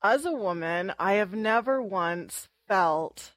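A woman's voice: medium pitch, animated, slow pace, dry recording. A woman co-hosting a radio talk show, speaking candidly with easy laughs and holding her ground. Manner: candid, laughing, firm in disagreement. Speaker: radio co-host.

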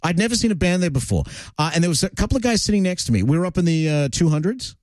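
A man's voice: high voice, very fast, dry recording. A man hosting a radio show, chatting casually and telling stories with plenty of fillers. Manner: chatty, animated storytelling with frequent fillers. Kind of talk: casual on-air chat.

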